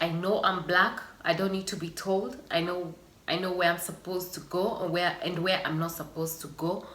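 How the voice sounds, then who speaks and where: An earnest, emotional woman vlogging straight to her viewers, with sighs between her thoughts. Her voice is bright and forceful and rings in an echoey room. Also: lowish voice. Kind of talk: personal vlog monologue.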